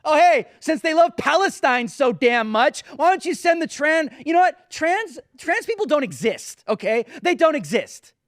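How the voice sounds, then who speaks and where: A man's voice: extremely high pitch, sing-song, moderate pace, hardly any pauses, fairly bright tone, no room sound, clean studio sound. A man hosting his own show, ranting in a mocking, emphatic commentary and calling his viewers guys and dude. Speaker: show host.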